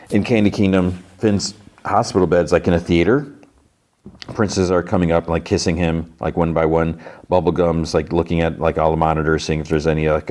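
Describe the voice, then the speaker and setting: A man hosting a podcast, casually retelling a cartoon episode with lots of fillers and quick quoted lines. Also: sits low, darkish tone. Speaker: podcast host recapping an episode. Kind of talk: casual recap.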